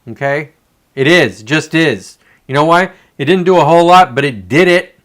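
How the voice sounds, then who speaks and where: A man's voice: a little high, expressive, normal speed, a bit bright. A man ranting on a casual livestream, frustrated and profane, rambling with many restarts. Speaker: livestreamer and real estate agent.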